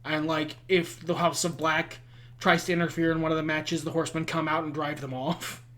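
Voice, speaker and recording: A man co-hosting a casual game session, enthusiastically pitching ideas. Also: level tone, normal speed, a bit bright. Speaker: co-host. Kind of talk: casual chat while playing a booking game.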